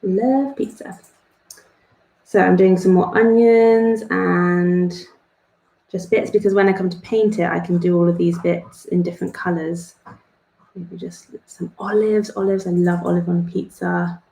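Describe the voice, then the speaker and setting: Her voice is fairly low, gravelly and warm, steady in tone and measured in pace. She's a young woman leading an art club, giving a chatty drawing tutorial full of rambling asides and self-mocking laughter, recorded where the room echoes.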